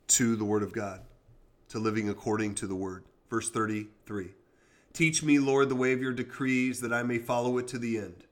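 A man hosting a devotional podcast, reading scripture aloud at a steady pace and adding short plain comments. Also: mid-range voice. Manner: reads scripture aloud with brief comments and prayer. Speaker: podcast host.

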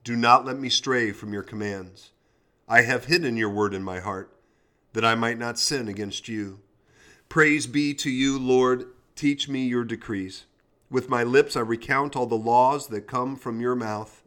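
A man hosting a devotional podcast, reading scripture aloud at a steady pace and adding short plain comments. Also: mid-range voice, unhurried. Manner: reads scripture aloud with brief comments and prayer. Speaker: podcast host.

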